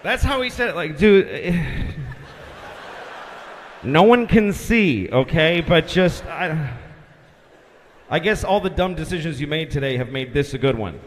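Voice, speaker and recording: A man voicing a weary air traffic controller and pilot on the radio, in a flat deadpan during a stand-up act-out. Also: fairly high pitch, unhurried, pauses often, big-room sound, voice pushed down. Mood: exasperated.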